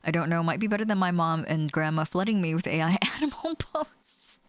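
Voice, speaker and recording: Animated young woman streamer, lively voice. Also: fairly low pitch, a little fast, dry recording. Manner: animated, swears casually, laughs often, reads chat aloud. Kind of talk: casual chat with live chat while gaming. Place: small home room with doors closed.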